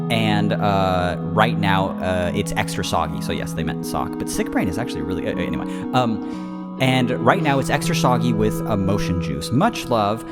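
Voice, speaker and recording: A man reads a listener's email aloud on a casual podcast, tripping over the odd word and cursing cheerfully as he goes. Loud plucked guitar music plays behind him throughout. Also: lowish voice. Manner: swears freely, stumbles and laughs through the reading. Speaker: podcast co-host.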